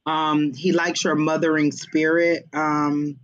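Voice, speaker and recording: A woman giving a psychic reading on a livestream, chatty and hesitant, with many pauses and ums. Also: deep voice, little pitch movement. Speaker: psychic reader. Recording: slightly dull lo-fi stream audio.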